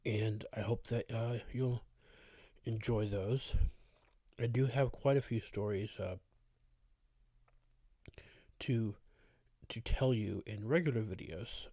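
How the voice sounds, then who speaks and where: A man hosts a relaxed live stream, chatting with viewers and filling pauses with "uh". His voice is warm and low-toned, a little rough as it recovers. The sound is dry and close to the mic. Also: no echo. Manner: relaxed, greets chat viewers by name, frequent uh fillers. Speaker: horror story channel host. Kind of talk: casual live stream chat.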